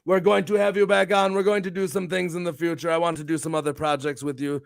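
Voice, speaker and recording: A man's voice: a little high, level tone, fast, vocal fry, clean tone, no room sound. A man hosting a casual livestream show, brash and hyped, swearing freely and plugging his wrestling bookings. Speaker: host.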